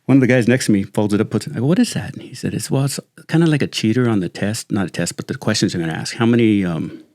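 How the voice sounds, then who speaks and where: A middle-aged man, a retired sheriff's lieutenant, telling stories in a casual, animated way and saying "dude" often. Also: on the low side, rapid-fire, no room sound, clean studio sound. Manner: animated, slangy, says "dude" constantly. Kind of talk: casual storytelling chat.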